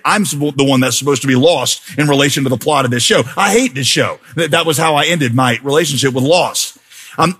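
A middle-aged man preaching a sermon as pastor, animated and rising to near-shouts when reading scripture. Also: a little high, husky.

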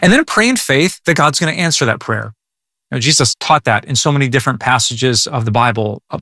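A man's voice: medium pitch, lively intonation, brisk, bright, forceful tone, no echo, studio quality. A male pastor giving a conversational sermon in an earnest way, often repeating words as he goes.

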